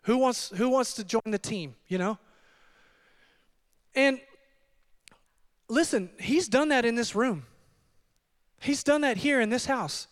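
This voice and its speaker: High-voiced pastor preaching animatedly. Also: male voice, takes it slowly, pauses often. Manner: animated storytelling with conversational asides. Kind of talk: sermon. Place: church hall.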